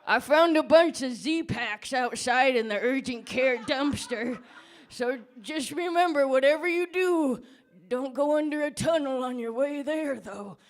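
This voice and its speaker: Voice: high-pitched, a little slow. A comedian doing a rambling senile old man. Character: senile, fearful old man ranting against tunnels. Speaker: comedy debater. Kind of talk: stand-up character debate. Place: pub stage before a live audience.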